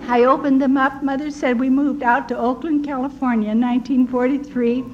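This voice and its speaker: An older American woman earnestly recounting personal wartime memories in a tender, animated storytelling manner, with a slightly dull recording and faint hiss. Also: high voice, brisk. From United States. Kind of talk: personal testimony.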